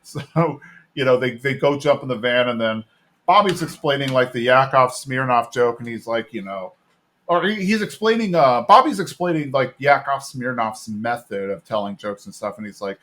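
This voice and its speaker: A man's voice: mid-range voice, moderate pace, fairly bright tone. A man co-hosting a podcast, recapping a cartoon episode in a rambling, casual way and quoting characters in a raised voice. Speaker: podcast co-host.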